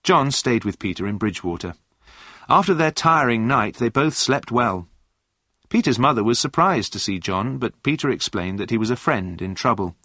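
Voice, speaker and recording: Lively male storybook narrator. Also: mid-range voice, normal speed, no room sound. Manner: clear, lively reading voice. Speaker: audiobook narrator.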